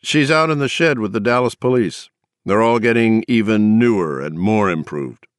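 A man's voice: on the low side, expressive, moderate pace, smooth, dry recording, studio quality, pitched above the performer's own voice, natural voice. A man voicing a drunk, sarcastic man on the phone in an audiobook. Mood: mocking. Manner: slurring, sarcastic.

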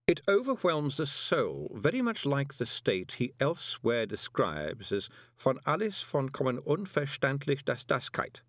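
A man voicing a cool, dry male ruler who speaks in a measured way. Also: medium pitch, sing-song, fairly bright tone, no room sound, voice pushed up. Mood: musing.

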